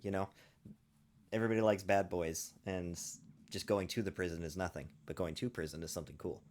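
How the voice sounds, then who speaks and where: A man with a somewhat low voice co-hosts a laid-back podcast. He trades jokes with a dry, deadpan delivery, talking into a remote call mic. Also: brisk. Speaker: podcast co-host. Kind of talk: casual chat.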